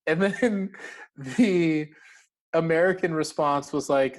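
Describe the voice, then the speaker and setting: A man talking casually as an interview guest, lively, with lots of fillers and acted-out quotes. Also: a little high, takes it slowly. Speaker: interview guest, recruiting firm founder.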